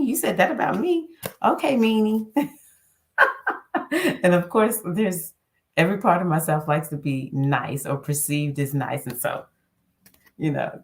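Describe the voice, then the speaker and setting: A woman hosting a spiritual self-help talk, speaking in an earnest, encouraging, conversational way. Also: low voice. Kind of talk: casual inspirational monologue.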